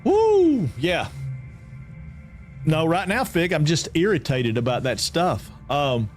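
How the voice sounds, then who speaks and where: A man's voice: on the high side, expressive, normal speed. Man, game streamer, rambling and repetitive, talks to chat, faint background music. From Atlanta, Georgia. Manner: chatty, repeats himself, reads out chat. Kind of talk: casual live-stream chat with viewers.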